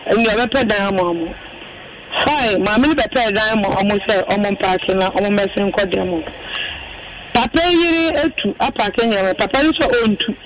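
A woman's voice: medium pitch, recorded from a distance, low-quality recording. A woman calling in to a radio show, telling her problem as a landlady in a long rambling account. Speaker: caller, landlady. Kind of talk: call-in radio complaint.

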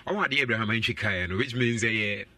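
A man, a co-host on a radio talk show, explaining points in a measured way. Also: fairly low pitch, sharp tone.

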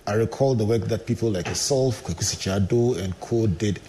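A man's voice: fairly low pitch, a little fast, dark tone, slight background noise, poor audio. A man hosting an interview, earnestly framing long questions. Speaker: host. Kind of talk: interview conversation.

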